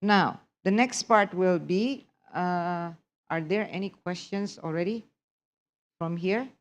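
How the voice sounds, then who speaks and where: Slow, low-voiced woman teaching. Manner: mixes Indonesian and English, repeats and models sentences aloud. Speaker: presentation skills instructor. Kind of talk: live online class lecture.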